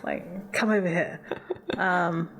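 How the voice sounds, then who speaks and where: Relaxed joking woman podcast co-host. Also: fairly low pitch, takes it slowly, gravelly. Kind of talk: casual chat.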